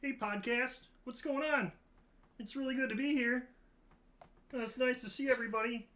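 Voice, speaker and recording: A man doing an impression of a cheerful male frog puppet in a high, thin nasal voice. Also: steady tone, moderate pace, bright, forceful tone. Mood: upbeat.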